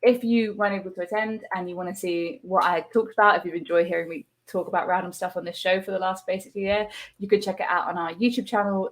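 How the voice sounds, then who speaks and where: An English woman hosting a livestream show over a video call, chatty and enthusiastic. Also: lowish voice. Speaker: host.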